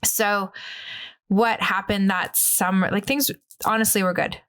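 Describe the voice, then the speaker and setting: A woman's voice: mid-range voice, steady tone, a little slow, fairly bright tone, clear, resonant tone. A woman, a podcast guest candidly telling a personal story, full of filler words and acted-out quotes.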